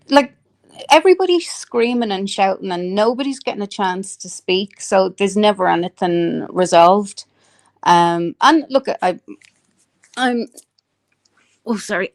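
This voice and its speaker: A woman's voice: on the low side, creaky. An Irish woman chatting casually with viewers on a live stream, swearing freely, laughing a lot and reading out comments.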